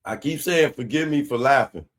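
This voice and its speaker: A man, hosting a live commentary show in a casual, animated way that keeps repeating his points. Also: medium pitch, moderate pace. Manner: animated, laughing, repeats himself.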